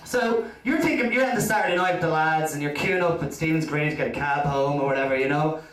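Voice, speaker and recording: A man's voice: a little high, fast talker, a bit bright. A man with an Irish accent doing a rambling stand-up routine full of "you know" asides. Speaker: stand-up comedian. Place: comedy club stage. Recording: echoey club from a distant mic.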